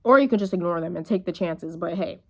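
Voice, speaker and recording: A woman's voice: lowish voice, fast, a little mellow. A young woman vlogging to camera in a casual monologue, blunt and full of swearing, calling her viewers y'all.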